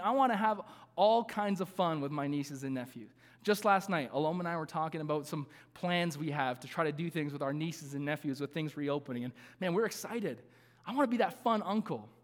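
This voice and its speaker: Male pastor, high voice, earnest and emphatic preaching, long hall reverb. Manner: earnest, building to emphatic repeated calls, with light laughing asides. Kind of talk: sermon.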